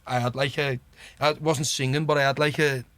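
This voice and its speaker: A man from Liverpool with a Liverpool accent, a podcast guest telling rambling, animated stories in casual chat, full of "like" and "you know what I mean" and swearing. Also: mid-range voice, a little fast, no room sound. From Liverpool, England.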